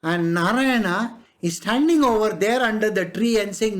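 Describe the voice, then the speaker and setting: A spiritual master giving a devotional discourse, telling a parable with frequent chuckles. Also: medium pitch. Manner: slow storytelling, chuckling.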